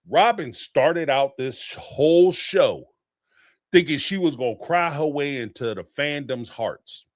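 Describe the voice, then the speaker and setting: Blunt, lively man ranting about a show. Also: fairly high pitch, a little slow, dry recording, studio quality. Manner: blunt, animated, profane, mocking impressions. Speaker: reality TV commentator. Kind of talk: casual live reaction commentary.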